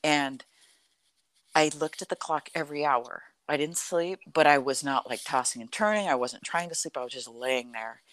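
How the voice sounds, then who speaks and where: A middle-aged woman telling a personal story in a conversation, animated and full of "like" and "you know". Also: very deep voice, moderate pace, dry recording. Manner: animated, acts out quoted dialogue, frequent "like" and "you know".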